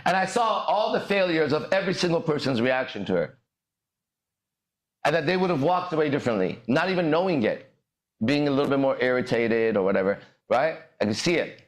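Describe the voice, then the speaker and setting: Swaggering man with a lively voice. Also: on the high side, fairly quick. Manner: swaggering, profane, bursts into shouted lyrics. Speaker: podcast host and dating coach. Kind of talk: motivational monologue. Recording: echoey room.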